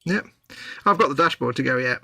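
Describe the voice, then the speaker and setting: A man's voice: medium pitch, expressive, fairly quick, gravelly, bright, forceful tone, dry recording, studio quality. A man co-hosting a live model-building stream, playful and silly, punning and laughing at himself. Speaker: livestream co-host. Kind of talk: casual banter while model building.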